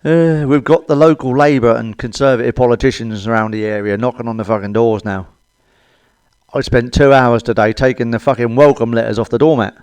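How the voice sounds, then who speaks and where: A man's voice: medium pitch, steady tone, a little fast, a little mellow, clear, resonant tone, no echo. A middle-aged British man doing a crude stand-up comedy monologue, blunt and cheeky, swearing often. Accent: British English.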